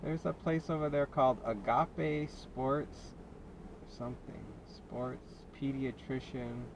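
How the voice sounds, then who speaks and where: A man's voice: mid-range voice, fairly even intonation, slow. A man with an American accent, a delivery driver vlogging in his car; chatty and self-mocking, he laughs often and sounds short of breath. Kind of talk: casual running commentary while driving. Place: inside a car on city streets. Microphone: dash cam or phone mic in car. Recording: road noise in a moving car. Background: car and road noise.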